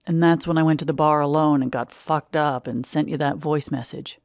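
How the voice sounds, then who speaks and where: Audiobook figure: a woman reading a cornered young man, hurried and pleading, low and dry. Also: steady tone, darkish tone, dry recording. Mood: defensive.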